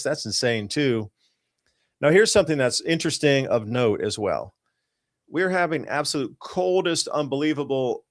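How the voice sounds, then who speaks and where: On a live podcast show, a male host walks listeners through forecast charts in an urgent, emphatic voice of ordinary middle pitch and fairly bright tone. His weather-chart commentary rambles loosely, and he often restarts his sentences.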